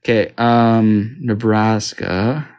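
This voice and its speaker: Man from Canada, unhurried, puzzled self-talk over a game; mouse clicks behind. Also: fairly low pitch, steady tone, smooth, lo-fi sound. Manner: confused, self-talking, joking. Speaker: gamer. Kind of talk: casual gaming commentary.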